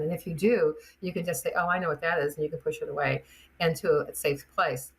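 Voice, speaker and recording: An older woman, a chiropractor guest on a podcast, telling animated anecdotes and acting out the voices of the people in them. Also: low voice, quick pace. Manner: animated, acts out the voices in her stories, laughs often. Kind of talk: anecdotal storytelling.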